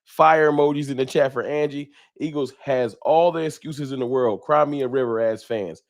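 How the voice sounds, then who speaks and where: At a moderate pace and medium pitch, a man runs a relaxed live stream from a room in his home, where a sign hangs on the wall. Using a desk microphone, he calls out to viewers by name with casual slang.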